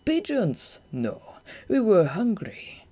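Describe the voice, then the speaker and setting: A reader voicing a giant, calm and menacing male jungle bat in a fan audiobook, with a measured, breathy delivery. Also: medium pitch, voice pushed up, exaggerated voice. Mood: coolly explaining. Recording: home-recorded audiobook.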